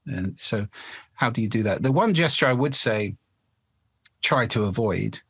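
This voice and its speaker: A man with a somewhat low, husky voice speaks as a guest coach on a podcast. He explains voice technique patiently and demonstrates different resonances as he goes. The sound is dry and close. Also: expressive, a little slow, a bit bright, no room sound. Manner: demonstrative, shifts resonance to show voice placement.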